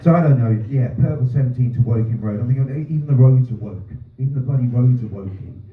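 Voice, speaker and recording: A man from North doing a stand-up set, ranting and swearing with dry deadpan asides. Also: medium pitch, quick pace. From North London. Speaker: stand-up comedian. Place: small pub comedy room. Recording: roomy, distant, phone-like sound. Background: audience laughter.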